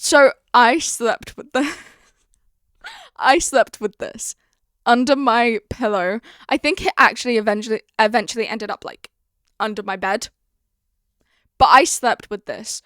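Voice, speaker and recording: A woman's voice: a little high, unhurried, pauses often, a bit bright, no room sound, studio quality. A young woman hosting her own podcast in casual chat, confiding and chatty, acting out her own stories as she goes. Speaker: podcast host.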